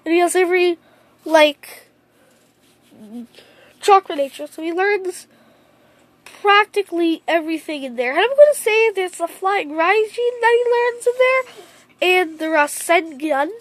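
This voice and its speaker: A woman with a very high voice, improvising a fan story in a rambling way and often repeating herself. She talks slowly, and the sound is dry and close, with no room around it. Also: no echo.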